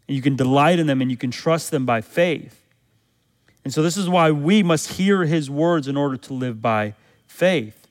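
A man preaching a sermon as a pastor, in an earnest manner that climbs higher and louder when he quotes scripture. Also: in a large hall.

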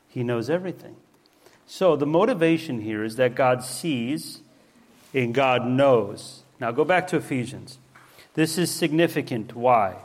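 A man preaching a sermon, emphatic and repetitive, putting rhetorical questions to his listeners. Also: medium pitch. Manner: emphatic, repeats key words, asks rhetorical questions.

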